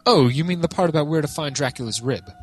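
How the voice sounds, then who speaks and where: A man voicing a solemn but good-humored monk with a calm, measured delivery while reading a storybook aloud. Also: fairly high pitch, soft background music, pitched above the performer's own voice, close to an everyday voice.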